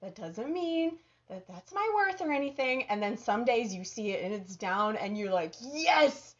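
A woman's voice: medium pitch, lively intonation, moderate pace, muffled recording. A chatty, bubbly woman with a Minnesotan accent, hosting a live cooking stream and reading viewers' comments aloud. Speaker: cooking show host.

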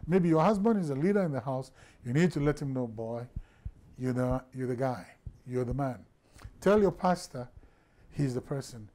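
Pastor preaching conversationally, mellow voice. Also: male voice, on the high side. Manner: conversational preaching with many restarts and stammers. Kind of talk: sermon.

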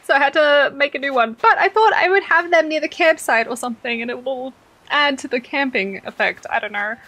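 A young Australian woman chatting over a game as a streamer, excitable, swearing freely and laughing often. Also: high-pitched, a little fast. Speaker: gaming streamer. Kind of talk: casual game commentary.

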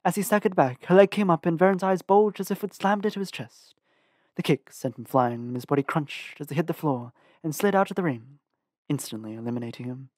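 A man narrating an audiobook with an expressive reading and lively shifts in pitch. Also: a little fast, no echo, studio quality. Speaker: audiobook reader.

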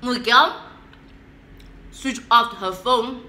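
Bright-voiced young South African woman telling a story. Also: fairly high pitch, drawn-out words, reverberant. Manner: animated, switching between English and isiXhosa, acting out her own reactions. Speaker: vlogger. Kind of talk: casual storytelling.

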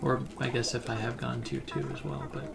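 A man's voice: mid-range voice, sing-song, brisk, gravelly. A man chatting casually on a livestream while playing a game, laid-back and rambling. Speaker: game streamer. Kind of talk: relaxed livestream chat.

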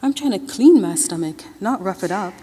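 A sulky, feverish young man groans and grumbles in loose street slang, as a woman reading aloud puts him on. The voice is mellow and a little husky, carried through a large hall with a long, ringing reverb. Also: mid-range voice, lively intonation, moderate pace. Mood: sickly complaining.

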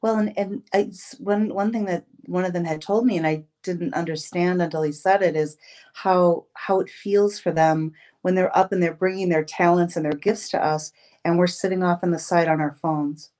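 A woman in her fifties, a podcast guest, telling personal stories in casual, expressive conversation. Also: on the low side, moderate pace. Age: 50s. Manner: storytelling, expressive, with restarts. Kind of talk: casual interview chat.

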